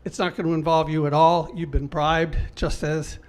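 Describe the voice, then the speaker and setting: Guy from the upper peninsula giving public comment, kinda high voice, lots of ums, pointed. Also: flat delivery, normal speed, a little mellow. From Upper Peninsula of Michigan. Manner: earnest, pointed, with frequent ums and restarts. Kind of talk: public comment at a government meeting.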